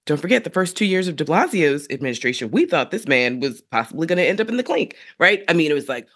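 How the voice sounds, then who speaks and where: Co-host, woman, lively swooping delivery, emphatic, casual political chat. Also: deep voice, quick pace, hardly any pauses. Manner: animated, emphatic, quotes people in voices.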